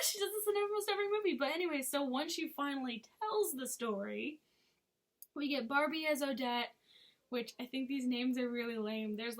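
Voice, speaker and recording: A woman's voice: high voice, fairly bright tone. A woman chatting casually as a movie reviewer, with frequent giggles and sarcastic asides. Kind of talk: casual chat.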